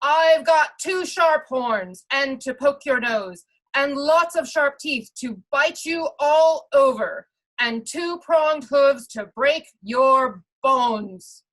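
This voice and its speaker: Big fearless billy goat, loud slow boasts, storybook reading, by a woman. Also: extremely high pitch, pitched above the performer's own voice, full character voice, low-quality recording. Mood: defiant.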